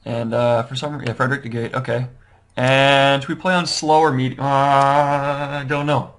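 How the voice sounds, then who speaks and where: A man's voice: medium pitch, flat delivery, normal speed, fairly bright tone, clear, resonant tone. A man casually walking viewers through a strategy game, rambling and second-guessing his choices, with a self-deprecating manner. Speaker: gaming tutorial host. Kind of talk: casual gameplay walkthrough.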